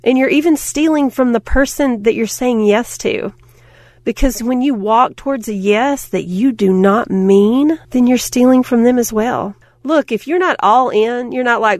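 A middle-aged woman speaking in a somewhat high voice, giving a lively motivational talk. She acts out little quotes and laughs often as she tells her stories. The sound is dry and close. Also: measured pace, dry recording.

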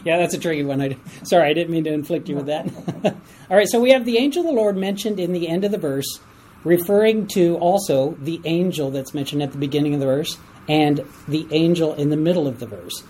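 A teacher leading a Bible study class, asking group members to read verses and explaining them in an animated way. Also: mid-range voice, a little fast, a little hiss or hum, poor audio. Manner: animated, asks the class for readers, chuckles at stories. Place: room with a class.

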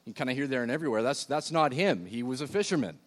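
A man's voice: mid-range voice, expressive, quick pace. A man preaching a sermon in a church, talking in a loose, conversational way with frequent fillers and restarts while seated. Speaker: pastor.

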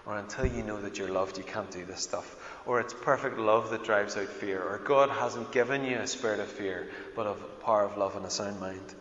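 A man's voice: lowish voice, normal speed, hardly any pauses. Middle-aged Northern Irish man, pastor, emphatic sermon, dull roomy hall sound. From Northern Ireland. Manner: emphatic, swings between loud proclaiming and quiet intimate storytelling. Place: church hall. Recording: dull, echoey hall recording.

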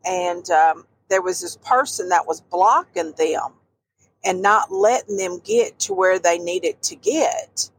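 A woman's voice: fairly high pitch, husky, poor audio. A woman co-hosting a podcast, chatting and telling stories in a folksy way with homespun sayings. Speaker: podcast co-host. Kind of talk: casual storytelling chat.

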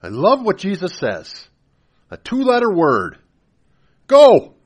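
Impassioned preacher man, fairly high voice. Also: huge pitch swings, measured pace, husky. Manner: builds from quiet storytelling to loud, impassioned preaching; conversational, with repeated phrases. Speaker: pastor. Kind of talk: sermon.

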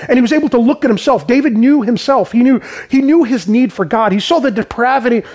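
A man's voice: very high-pitched, quick pace, a little mellow. A man preaching a conversational sermon who explains scripture in everyday terms and keeps checking in with "right?". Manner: informal, peppered with "right?" and "man".

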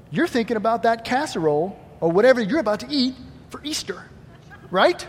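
A man with a high voice preaches in a church, animated, acting out the voices in his stories. His words ring with a long reverb through the big hall. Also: fairly quick, husky. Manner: animated, acts out quoted voices, swings between loud emphasis and quiet asides. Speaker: pastor. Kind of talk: Easter sermon.

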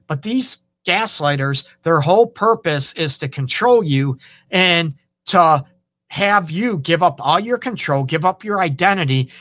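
A man's voice: a little high, bright, forceful tone, dry recording. A man hosting a relationship advice show as a counselor, talking casually and often checking in with "okay?" and "you know".

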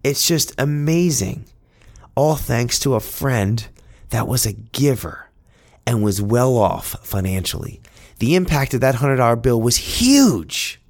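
A man's voice: medium pitch, animated, unhurried, a little mellow. Earnest man telling a personal story. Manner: earnest, heartfelt, conversational.

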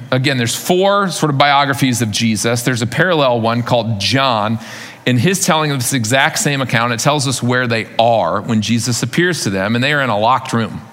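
A man's voice: mid-range voice, moderate pace, a bit bright. Man preaching in a reverberant hall. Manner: conversational, rhetorical questions, vivid retelling. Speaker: pastor. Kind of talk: sermon. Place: church sanctuary. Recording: long reverb of a large hall.

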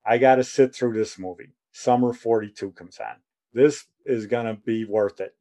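A man's voice: medium pitch, fairly even intonation, moderate pace, dark tone. A man in his sixties telling a rambling personal story, acting out the dialogue as he goes.

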